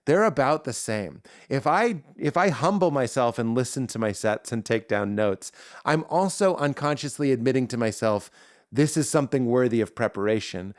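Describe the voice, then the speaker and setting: Man, comedian guest, animated podcast chat, acts out his jokes, mid-pitched, dry close sound. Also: moderate pace, dry recording. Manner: animated, acts out bits in character voices.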